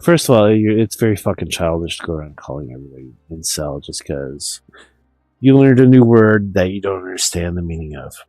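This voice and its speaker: A man's voice: deep voice, expressive, fairly quick, mellow, dry recording, soft background music, rough recording. A man streaming a profane, meandering rant full of restarts. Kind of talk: rambling monologue.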